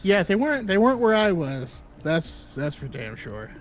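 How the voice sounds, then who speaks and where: A man co-hosting a live call-in show, talking in a halting way with many fillers and bursts of laughter. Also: high-pitched, very animated, a loud crowd. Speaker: co-host.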